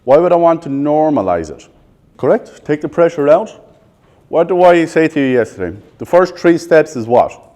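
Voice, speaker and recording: A thirty-something Irishman leads a live sales training, quizzing the audience with rapid questions and replying bluntly, sometimes swearing. His dark-toned voice sits a little high and swings widely in pitch.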